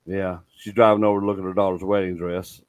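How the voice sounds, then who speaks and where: A middle-aged man, hosting a casual chat and telling stories in an animated way, swearing freely. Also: low voice, fast talker, clean tone, no room sound, rough recording. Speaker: podcast host.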